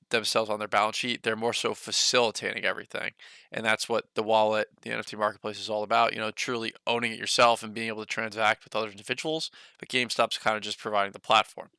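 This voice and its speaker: A young man talking on a casual stock livestream, rambling on with plenty of fillers. His voice is bright and smooth, and it sits dry and close with no room sound. He is a little short of breath. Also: fairly low pitch, dry recording. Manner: rambling, loose talk full of "like" and "you know". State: a bit out of breath.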